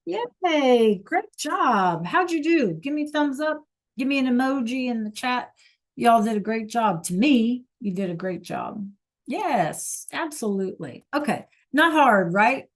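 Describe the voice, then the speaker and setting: Slow-talking teacher on a video call. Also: female voice, a little high, lively intonation. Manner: encouraging, asks students to answer in chat. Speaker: Spanish teacher. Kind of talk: online class teaching.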